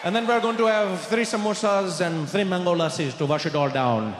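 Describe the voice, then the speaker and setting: A man voicing an overeager diner who shows off while ordering, slow and drawn out. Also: high voice, crowd noise, lightly acted. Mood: showy. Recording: echoey hall with noise.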